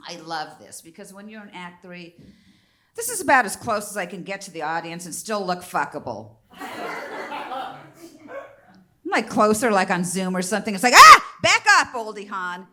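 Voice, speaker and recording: A woman's voice: mid-range voice, big pitch swings, normal speed, pauses often, a bit bright. A woman in her fifties doing a stand-up comedy set on a theater stage, brassy and bawdy as she teases the crowd. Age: 50s.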